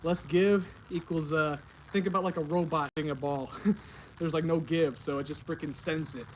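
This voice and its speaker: A man's voice: on the high side, steady tone, normal speed, a little hiss or hum. A young man livestreaming his baseball workout outdoors, out of breath, talking in a laid-back, slangy way. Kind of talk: casual livestream workout talk. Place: outdoors on grass.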